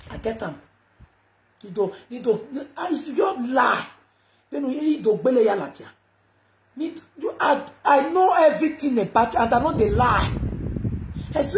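Ranting Nigerian woman, echoey and noisy. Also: high voice. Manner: loud, chanting slogans, switching between muttering and shouting. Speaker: live video host. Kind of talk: impassioned live-stream rant. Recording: echoey noisy live phone video.

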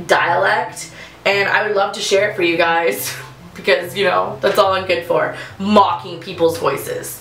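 A woman's voice: medium pitch, fairly bright tone, echoey room, poor audio. A young woman doing a casual makeup tutorial at home, chatting nervously and giggling, poking fun at herself. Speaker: beauty vlogger.

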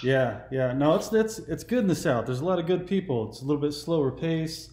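A man's voice: a little high, lively intonation, fairly quick, darkish tone, roomy sound. A man in his forties from California, hosting a casual phone conversation for his channel in an easygoing, meandering way. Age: 40s. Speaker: YouTube host.

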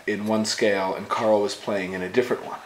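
Low-voiced man asking chummy questions. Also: steady tone, brisk. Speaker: interviewer. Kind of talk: casual fan interview. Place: outdoors at a festival. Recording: echoey with loud noise and clicks.

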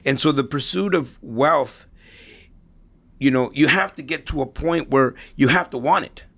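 In a relaxed podcast interview, a middle-aged guest makes his points through stories, often going back to repeat or restart words. He talks at a measured pace with a medium pitch, some vocal fry, and a slightly bright tone.

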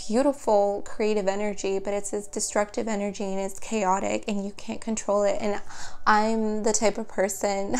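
A woman giving a tarot reading, speaking slowly and gently with a gravelly fry under her voice. She reads passages aloud and reflects on them earnestly, easily moved by what she reads. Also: mid-range voice. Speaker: tarot reader.

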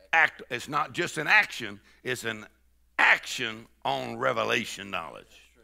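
A man preaches a lively sermon with a deeply gravelly, rough-edged voice. His tone is strikingly bright and forceful. He tells folksy, joking stories and breaks into laughter and shouts as he stirs up the congregation. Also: measured pace. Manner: laughs and shouts "woo", leads the crowd in rejoicing; folksy storytelling with jokes. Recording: live church sermon.

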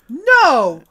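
A woman from New York with a Long Island accent, co-hosting a podcast in casual chat, excitable, swearing and laughing a lot. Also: sits high. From born in New York. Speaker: podcast co-host.

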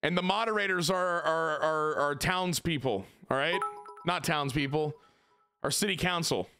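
A man's voice: on the high side, normal speed, bright, forceful tone, clean tone, soft background music. A man streaming a game, chatting casually with his viewers, swearing and joking as he rambles. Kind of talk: casual live-stream chat.

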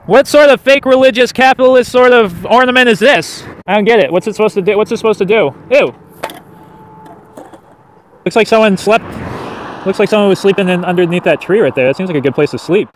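A man walking across the country vlogs from the roadside outdoors, chatting playfully and rambling with jokey asides into a handheld camera. His voice sits high and brisk, with a slight hiss or hum in the audio. It's a goofy walking vlog.

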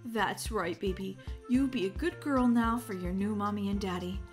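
A woman voicing a gentle young father in a game role-play, hushing and soothing his baby. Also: on the high side, a little slow, soft background music, lightly acted.

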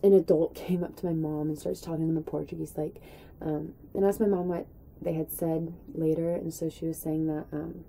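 A young woman chats through a storytime vlog, rambling and full of fillers. Her voice is very mellow and dark, sitting a bit low, with faint noise behind it. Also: level tone, fairly quick, gravelly, poor audio. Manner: chatty, rambling, acts out quotes in a high voice. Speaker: vlogger.

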